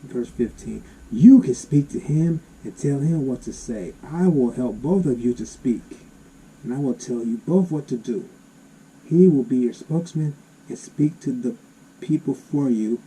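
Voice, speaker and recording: A man reading Bible verses aloud and explaining them in an animated, exclaiming way. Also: medium pitch, unhurried, breathy edge, low-quality recording. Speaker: Bible teacher.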